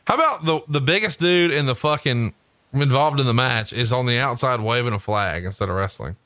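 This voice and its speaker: Guy from alabama cracking crude jokes, bright voice, dry close sound. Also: mid-range voice, fairly quick, no echo. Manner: profane, jokey, laughs a lot. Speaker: wrestling podcast co-host. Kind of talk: casual chat, watching old wrestling.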